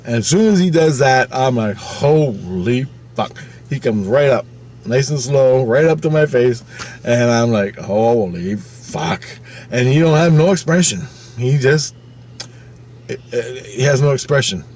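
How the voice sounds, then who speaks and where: A man's voice: mid-range voice, darkish tone, slight background noise. A man in his fifties telling a personal story to camera. He speaks casually and emphatically, swears often, and repeats phrases as he goes. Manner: profane, emphatic, halting retelling with repeated phrases. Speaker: channel host.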